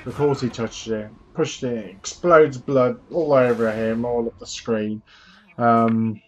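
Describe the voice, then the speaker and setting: A man's voice: medium pitch, fairly even intonation, slow, darkish tone. A man hosting a gaming channel, casually recapping a trailer in a chatty, rambling way full of fillers.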